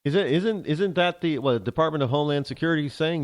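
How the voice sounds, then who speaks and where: A man's voice: a little high, fast talker, no room sound, studio quality. A male talk show host delivering a sarcastic, ranting opinion monologue, switching into mock voices.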